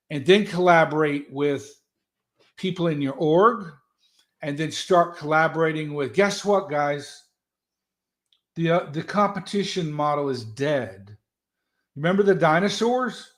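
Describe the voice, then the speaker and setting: A man telling stories as a guest in an animated, folksy, loud way. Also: a little high, unhurried. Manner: animated, folksy storyteller who talks loud. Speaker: guest, political strategist. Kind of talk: casual motivational talk.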